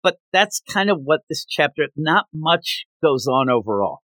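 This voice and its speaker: A man hosting a podcast, recapping a manga chapter in animated casual chat with lots of fillers. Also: on the high side, normal speed, no echo. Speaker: podcast host.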